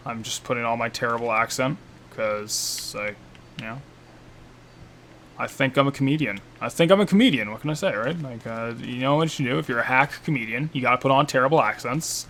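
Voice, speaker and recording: A man's voice: medium pitch, sharp tone, slight background noise. A man casually commenting on a video game playthrough, playful and self-mocking. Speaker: game critic doing a playthrough. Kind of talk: casual let's-play commentary.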